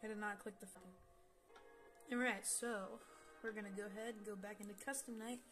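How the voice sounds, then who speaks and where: Woman, casual gameplay commentary, excitable and foul-mouthed, chats at the on-screen characters; faint game music underneath. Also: mid-range voice, a little fast. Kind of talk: casual let's-play commentary.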